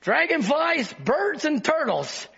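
A man preaching a sermon with fervor, breaking into shouts and then dropping low to talk with the congregation. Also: very animated, takes it slowly, vocal fry, muffled recording.

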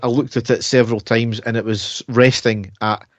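A man's voice: medium pitch, flat delivery, moderate pace, no echo. A man co-hosting a podcast, telling a story in a chatty way and laughing at his own tales. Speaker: podcast co-host. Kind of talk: casual chat.

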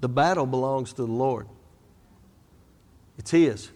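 A man's voice: medium pitch, measured pace, darkish tone. A man preaching a sermon, telling stories with animation and drawing out his emphatic declarations. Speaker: guest preacher. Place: church sanctuary. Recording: church hall reverb.

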